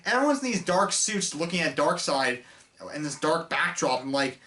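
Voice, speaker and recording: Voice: mid-range voice, sing-song, normal speed, fairly bright tone. A film reviewer talking casually in an unscripted rant, rambling and exasperated, with lots of fillers and restarts.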